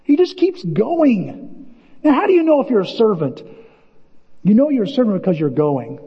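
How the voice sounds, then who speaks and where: A man preaching with a high, lively voice that jumps around as he tells a story. The voice is husky, and the sermon is heard through dull, lo-fi audio with a long reverb from a church sanctuary. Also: quick pace. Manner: animated, storytelling, shouting bursts of excitement. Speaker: pastor.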